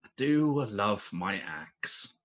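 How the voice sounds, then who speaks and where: A man voicing a stoic male dwarf warrior who speaks in slow, few words. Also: fairly low pitch, very animated, exaggerated voice. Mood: deadpan. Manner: laconic, slow.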